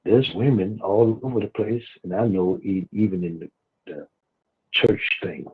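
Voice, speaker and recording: A man's voice: on the low side, a little slow, slightly rough. A male guest talking in a rambling, folksy way over a phone line. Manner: rambling, folksy, repeats words. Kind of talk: casual radio talk.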